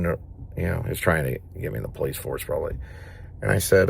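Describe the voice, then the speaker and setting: A man's voice: low-pitched, fast, gravelly, a little hiss or hum. A man who acts, telling rambling stories to the camera in a casual vlog, repeating himself as he goes. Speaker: actor and vlogger.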